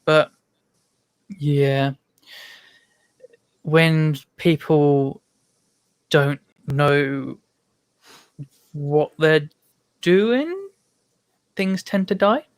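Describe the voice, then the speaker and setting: A man's voice: a little high, animated, drawn-out words, pauses often, clear, resonant tone, no echo. A man, a podcast guest, telling casual stories full of ums and restarts. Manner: rambling storytelling with many ums. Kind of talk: casual chat.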